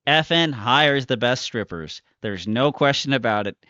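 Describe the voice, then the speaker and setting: Smooth wry man closing a podcast. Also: mid-range voice, lively intonation, measured pace, bright, forceful tone, dry recording. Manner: joking, wry. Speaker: podcast host. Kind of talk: casual chat and show outro. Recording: dry, dull lo-fi audio.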